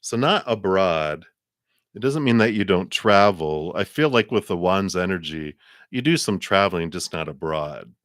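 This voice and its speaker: A man's voice: sits low, expressive, normal speed, a bit bright, dry recording, clean studio sound. A middle-aged man giving a live tarot reading to a viewer, musing aloud with frequent chuckles and repeated words as he searches for the right ones. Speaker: tarot card reader.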